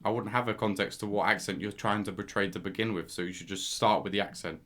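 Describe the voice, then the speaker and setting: A young man co-hosting a podcast, arguing his point eagerly with quick restarts and stumbles. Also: on the low side. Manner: animated, argumentative, stumbling restarts. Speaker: podcast co-host. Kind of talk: casual chat.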